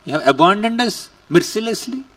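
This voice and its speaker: A man's voice: high voice, expressive, fairly quick, fairly bright tone, recorded from a distance, voice pushed up. A man voicing devoted young village women reproaching their god in a pleading tone, within a scripture lecture. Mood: reproachful.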